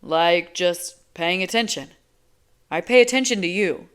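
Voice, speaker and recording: An easygoing young man who teases and presses his point, speaking up louder than the narration around him, as a woman narrator gives him her own low voice. He sounds amused and unhurried. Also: clear, resonant tone, close to an everyday voice. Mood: teasing. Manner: relaxed, teasing, emphatic. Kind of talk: audiobook character voice.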